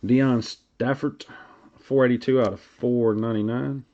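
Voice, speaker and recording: A man's voice: medium pitch, fairly even intonation, unhurried, dark tone. A man with a Tennessee Southern accent hosting a live card break, reading off player names in a laid-back drawl while chatting with viewers. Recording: lo-fi stream audio.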